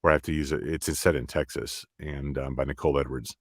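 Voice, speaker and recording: Middle-aged Southern-raised narrator guest, booming low voice, halting and restarting, dry close sound. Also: male voice, fairly even intonation, dry recording. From American South. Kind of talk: casual interview chat.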